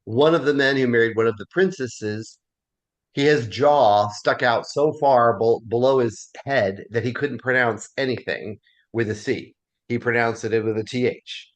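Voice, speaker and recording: A man's voice: medium pitch, a little slow. A man leading a Bible class, telling a story in a chatty way and encouraging his students. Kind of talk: casual class discussion.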